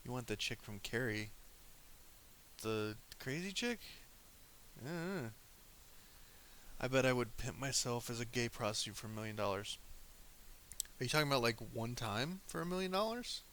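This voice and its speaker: Man, crude joking streamer, bright forceful voice, faint hiss in the background. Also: medium pitch, expressive, brisk, pauses often. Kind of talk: casual chat with live chat.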